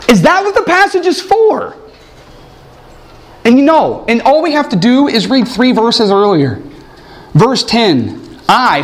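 Lively male preacher, high and very expressive voice, humorous sermon storytelling. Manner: animated, jokey, shifts into loud acted quotes.

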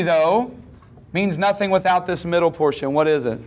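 A man's voice: a little high, normal speed. A man teaching a class, lecturing in a conversational way and often checking in with questions.

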